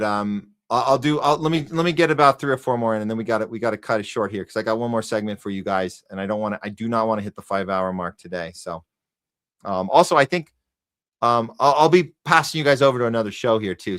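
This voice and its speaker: Male live-podcast host, sarcastic ranter, sharp bright tone. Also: medium pitch. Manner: ranting, sarcastic, heated; talks to a chat audience. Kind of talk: live news commentary podcast.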